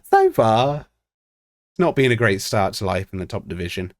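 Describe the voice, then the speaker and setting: A man's voice: on the low side, sing-song, moderate pace, no echo. A man giving ranting, sweary commentary on a football management game, exasperated with his team. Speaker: streamer.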